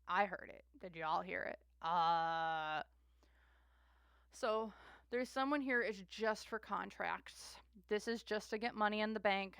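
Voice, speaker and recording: A woman's voice: medium pitch, creaky, a bit bright, smooth, no echo. A woman giving a casual, rambling tarot reading monologue, repeating herself and trailing off into fillers. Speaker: tarot reader.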